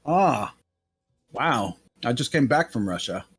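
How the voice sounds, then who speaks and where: A man's voice: medium pitch, sing-song, slow pace, slightly rough, no room sound. A man playing a tabletop role-play game, talking in and out of character in a crude, rambling way full of laughs and fillers. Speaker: player.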